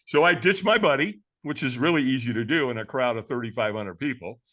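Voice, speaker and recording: A man guesting on a podcast, telling a personal story in a lively, dramatic way and laughing as he goes, with a casual manner. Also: medium pitch, a little fast. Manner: casual, addresses the host as man and brother.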